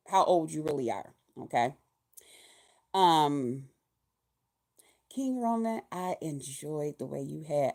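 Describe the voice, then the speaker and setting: A woman in her fifties talking casually in a vlog, animated and profane, laughing often. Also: on the low side. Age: 50s. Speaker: vlogger.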